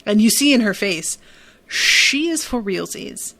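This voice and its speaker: A woman hosts a podcast, recapping a TV episode in a candid, emphatic, casual way, full of fillers and the occasional swear word. Her mid-range voice has lively intonation and a fairly bright tone, and she talks a little slowly.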